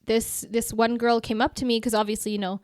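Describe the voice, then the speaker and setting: A woman sits in a studio for a casual podcast interview, her voice pitched slightly high. She talks in loose, chatty runs full of "like" and "you know." The sound is dry, with no room echo. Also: flat delivery, brisk, darkish tone. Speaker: guest content creator.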